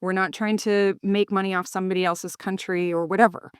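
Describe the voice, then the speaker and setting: A woman's voice: medium pitch, a little fast, smooth, no room sound, clean studio sound. A woman co-hosting a business podcast, chatting with an upbeat coaching manner. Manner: upbeat, animated in anecdotes, coaching tone. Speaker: podcast co-host, cleaning business owner. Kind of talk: casual conversation.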